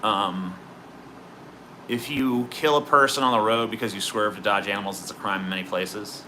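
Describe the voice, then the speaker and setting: A man's voice: fairly low pitch, steady tone, moderate pace, sharp tone, a little hiss or hum. A man streaming live, chatting in a profane, sarcastic, rambling way as he answers his chat. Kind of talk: casual livestream chat.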